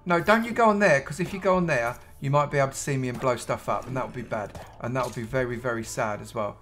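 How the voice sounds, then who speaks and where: Chatty British man, bright voice. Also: mid-range voice, quick pace, faint music behind. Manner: chatty, talks to himself and the mobs, bursts into excited shouts. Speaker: gaming YouTuber. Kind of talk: live gameplay commentary.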